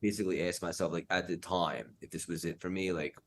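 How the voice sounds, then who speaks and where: Man, podcast host, earnest, encouraging, very deep voice. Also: steady tone, fast talker, slight background noise. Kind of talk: podcast interview.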